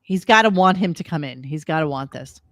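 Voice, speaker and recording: A woman's voice: sits low, lively intonation, fairly quick, dry recording. A woman hosting a casual talk show, ranting and sarcastic, swearing freely. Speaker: podcast host. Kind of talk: casual chat.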